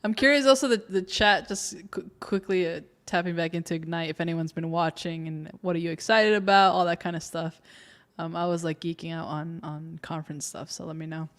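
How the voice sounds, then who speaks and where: A young woman co-hosting a livestream, chatting in a relaxed, giggly way and often trailing off mid-sentence. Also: fairly low pitch, brisk. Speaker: livestream co-host. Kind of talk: casual chat.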